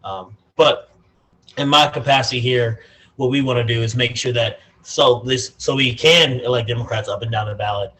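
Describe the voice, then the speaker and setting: A man's voice: mid-range voice, normal speed, bright, forceful tone, low-quality recording. A man, a party community organizer, speaking emphatically on a video call from his laptop. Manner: emphatic, preachy, many fillers.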